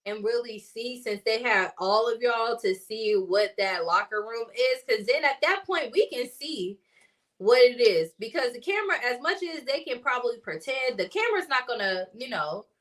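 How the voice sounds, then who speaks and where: Bright-voiced woman in casual sports chat. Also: a little high, animated, moderate pace. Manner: rambling, laughs often, chatty. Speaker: sports talk show co-host.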